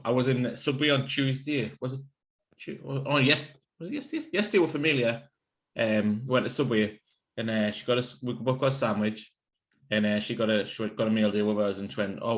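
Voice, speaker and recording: Man, sweary host. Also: mid-range voice. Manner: swearing, animated anecdotes. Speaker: podcast co-host. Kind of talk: casual chat.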